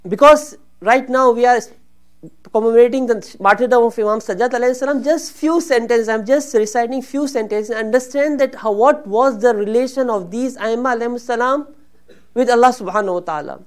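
High-pitched lady preaching, earnest, gets worked up on the prayer parts. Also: a little fast. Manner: earnest, rises and grows emotional when voicing supplications. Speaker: religious speaker. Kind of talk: sermon.

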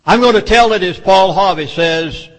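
A man with a high voice and a Southern US accent speaks at normal speed, lecturing an audience at a public meeting with urgency and emphasis. The meeting hall adds a long reverb.

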